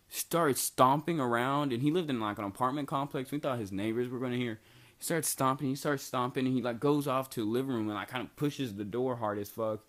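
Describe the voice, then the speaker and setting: Rambling young man telling a wild story. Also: medium pitch. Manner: rambling, profane, animated, many fillers. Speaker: vlogger. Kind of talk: casual storytelling.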